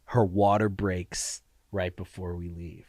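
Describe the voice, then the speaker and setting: A man's voice: sits low, little pitch movement, slow pace, a little mellow. A young man co-hosting a podcast, his voice stuffy and congested from a lingering cold. He sounds tired but stays easygoing. The sound is dry and close, with no room echo. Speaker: podcast co-host. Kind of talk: casual chat.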